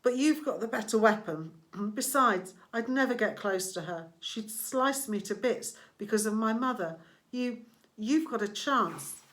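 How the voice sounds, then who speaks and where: A clever teenage girl giving firm, urgent orders, as a woman reads her part. Her voice is bright and measured, and her words come slowly and deliberately. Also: fairly high pitch, animated. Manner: urgent, commanding.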